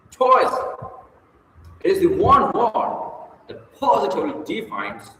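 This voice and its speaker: A man reads a lesson on public speaking, stretching and punching the key words. His pitch sits a bit high and swings widely. The recording is very echoey with a long reverb tail and a faint hiss underneath. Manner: lively emphatic reading with stretched stressed words. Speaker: reader of a public speaking book. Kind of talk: reading aloud a book lesson.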